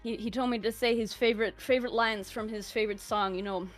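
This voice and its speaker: Her voice fairly high in pitch with fairly even intonation, an Irish guest speaker talks quickly over a voice call from home. She offers a joking eulogy in casual stream chat, cursing plenty and laughing, while faint music plays behind.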